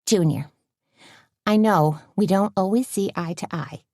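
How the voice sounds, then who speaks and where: A woman's voice: medium pitch, a little slow, a little mellow, no echo, clean studio sound, pitched above the performer's own voice, close to an everyday voice. A woman reading an audiobook, voicing a brash, anxious woman who scolds her husband in a raised voice. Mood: exasperated. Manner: bossy, exasperated.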